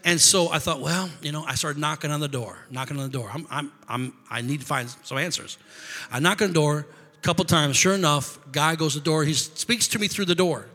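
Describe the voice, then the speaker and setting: A man casually telling a long personal story, halting often, restarting phrases and repeating words. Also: on the high side, sharp tone. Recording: long reverb.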